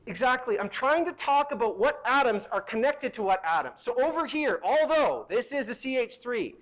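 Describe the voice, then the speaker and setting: A man's voice: extremely high pitch, sing-song, normal speed, fairly bright tone, dull audio. A middle-aged man teaching a university chemistry lecture in a hall, conversational and asking the class questions as he goes.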